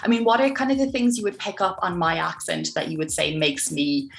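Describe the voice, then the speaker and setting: A woman's voice: low-pitched, animated, a little fast, creaky. An Irish woman hosting a casual interview, encouraging her guest with frequent affirmations. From Ireland. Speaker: host.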